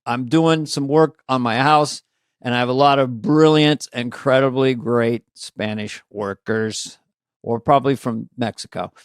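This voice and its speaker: A man's voice: mid-range voice, a little slow, smooth, dry recording, studio quality. A man co-hosting a podcast in casual chat, telling stories with energy and acting out what people said. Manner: animated storyteller, acts out dialogue. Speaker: podcast co-host.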